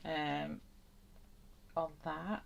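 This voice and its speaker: A woman's voice: deep voice, steady tone, very slow, vocal fry. A woman hosting a live colouring stream from home, chatting casually and reading out viewer comments between strokes. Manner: chatty, laughs often, reads out viewer comments. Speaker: coloring livestream host. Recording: noisy home recording with pencil clicks.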